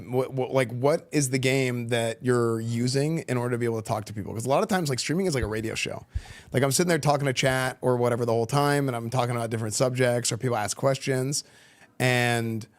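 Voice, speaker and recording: A man from Texas with a Texan accent, a streamer chatting casually with a school class, relaxed and slangy, with lots of fillers and restarts. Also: mid-range voice. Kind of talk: casual chat answering students' questions. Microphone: good streaming microphone.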